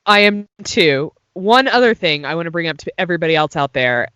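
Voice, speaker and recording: A woman's voice: fairly low pitch, animated, a little fast, a bit bright, clean tone, no echo. Agreeable woman podcast co-host. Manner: agreeable, short replies. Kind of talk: casual chat about reality TV. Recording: dry, dull lo-fi sound.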